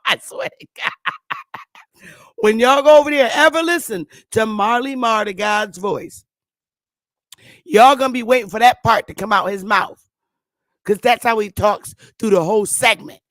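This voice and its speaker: A woman hosting her own channel, chatting to viewers in a loose, profane way, laughing often and stammering when she gets excited. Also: a little high, normal speed, dry recording, studio quality. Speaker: channel host. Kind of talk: casual commentary to viewers.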